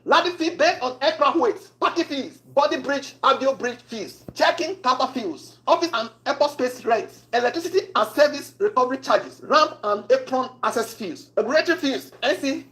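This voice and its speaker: A woman's voice: sits high, lively intonation, normal speed, hardly any pauses, a bit bright, rough recording. A woman with a Nigerian accent giving casual political commentary, mixing Pidgin and English in a wry, chatty way.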